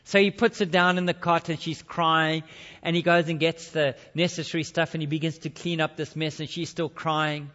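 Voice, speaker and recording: Male preacher with a slightly high voice, dramatic storyteller, dull recording in a big echoing hall. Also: little pitch movement, moderate pace. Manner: dramatic, swinging between loud and hushed. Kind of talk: sermon storytelling. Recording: dull lo-fi sound with long hall reverb.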